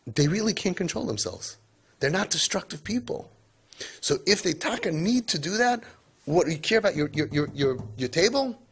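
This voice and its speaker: Parenting speaker, male, husky voice, emphatic lecture with frequent "right?" asides and big swings in pitch. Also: sing-song, moderate pace. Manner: mixes Yiddish and Hebrew words into English.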